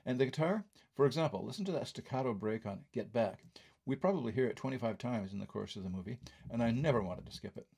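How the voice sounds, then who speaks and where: A man's voice: mid-range voice, animated, fast, creaky, darkish tone, breathy edge. An older man reading his own film review aloud, with wry, conversational asides.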